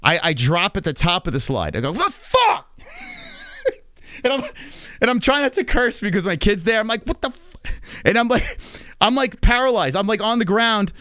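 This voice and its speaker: A man in his thirties hosting a live stream, telling rambling, profane anecdotes in a casual, animated way. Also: high-pitched, a little fast. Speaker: stream host.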